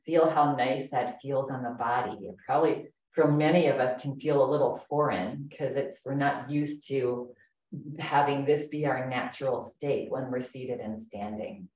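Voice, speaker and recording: Low-voiced woman guiding chair yoga. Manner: calm, gentle, slow breathing cues. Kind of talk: guided yoga class instruction. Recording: echoey, distant, dull room recording.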